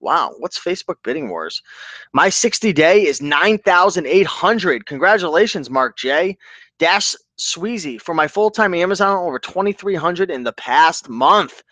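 A man's voice: a little high, a little slow, dry recording. A man hosting a casual live stream, chatting loosely and reading out viewers' comments with lots of enthusiasm. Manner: animated, reads out viewer comments and shouts them out. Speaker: host of a reselling live stream.

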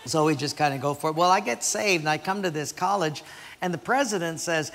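A pastor preaches a sermon in a church sanctuary, animatedly telling stories and acting out the voices. His voice is on the high side and creaky, he speaks fairly quickly, and the large hall adds its sound.

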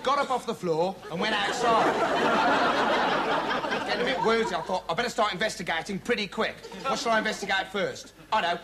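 Dopey young reporter, high voice, deadpan rambling, big audience laughter behind. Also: male voice. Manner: rambling, deadpan, halting with "like" and "you know". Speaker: bumbling investigative reporter. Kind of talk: comic monologue to camera. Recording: noisy TV studio with audience laughter.

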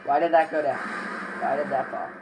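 A man's voice: fairly high pitch, level tone, moderate pace, vocal fry. A man talks through his gameplay in a loose, joking way, repeating phrases for fun. Some faint noise sits under his voice. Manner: joking, chatty, playfully repetitive. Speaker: gameplay commentator. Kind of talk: casual let's-play commentary.

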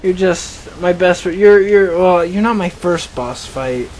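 A man's voice: sits high, animated, measured pace, darkish tone. A young man rambling and joking as he comments on his own gameplay, often laughing at himself. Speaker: gaming channel host.

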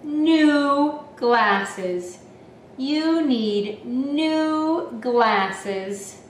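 A woman voicing a cheerful, fidgety little pig in a storybook, hesitant at first, then bright and sing-song. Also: sits high, lively intonation, very slow, a little hiss or hum, exaggerated voice. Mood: insistent. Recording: roomy, from a distance.

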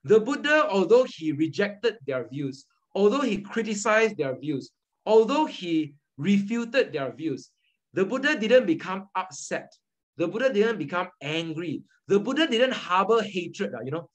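A man's voice: high voice, sing-song, measured pace, rough recording. A young man with a Malaysian English accent, teaching an online Buddhist study group in a patient lecture style and repeating points often. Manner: repetitive, patient teaching with frequent "okay" and "all right". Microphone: video call.

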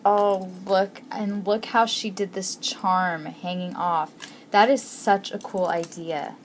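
Crafty woman gushing over an unboxing, slow talker, noisy home recording. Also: medium pitch, fairly even intonation. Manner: gushing, frequent gasps and exclamations. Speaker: crafting vlogger.

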